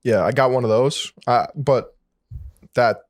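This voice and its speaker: A man's voice: mid-range voice, measured pace, no room sound, studio quality. A young man co-hosting a podcast, talking casually and expressively, swearing and laughing easily. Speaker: podcast co-host. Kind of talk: casual chat.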